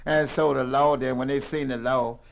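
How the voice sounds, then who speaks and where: Older guy with a gravelly voice telling a funny story, folksy drawl, mid pitch. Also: normal speed. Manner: folksy drawl, rambling and animated. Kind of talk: spoken tall tale.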